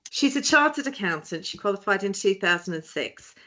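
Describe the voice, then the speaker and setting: A woman's voice: medium pitch, lively intonation, a little fast, sharp tone. A woman from Britain hosting a webinar as director of a small firm, chatty and jokey with many hesitations, heard over a video call.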